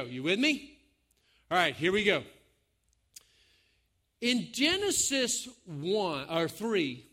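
A man's voice: sits high, a bit bright. A man preaching a sermon in a folksy, joking way, speaking to his congregation. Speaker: pastor.

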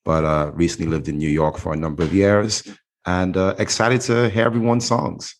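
Low-voiced man, relaxed. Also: a little hiss or hum. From Trinidad and Tobago. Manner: relaxed, with frequent "uh" pauses. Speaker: podcast panelist, writer and teacher. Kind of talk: casual podcast chat.

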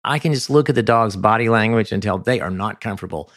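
A man's voice: on the low side, quick pace, fairly bright tone, no room sound, clean studio sound. Emphatic man giving dog-training advice. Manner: emphatic, ranting at times. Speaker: podcast host and dog trainer. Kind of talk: advice monologue.

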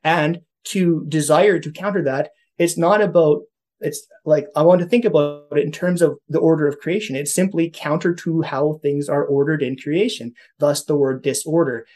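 Man from Canada, higher than average voice, earnest, thinks out loud. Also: fairly even intonation, moderate pace. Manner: earnest, thinking aloud with many restarts. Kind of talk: casual podcast chat on faith.

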